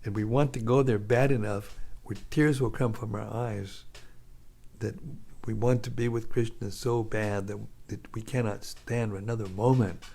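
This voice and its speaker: A man's voice: on the low side, steady tone, moderate pace, gravelly, darkish tone. A man giving an informal scripture talk, storytelling casually and chuckling often. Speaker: scripture class speaker.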